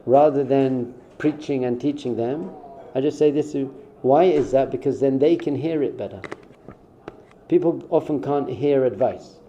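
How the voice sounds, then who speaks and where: A man's voice: medium pitch, moderate pace, mellow. A man who is a rabbi, giving a conversational spiritual talk in an informal way and acting out short quoted exchanges. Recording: dull, muffled sound.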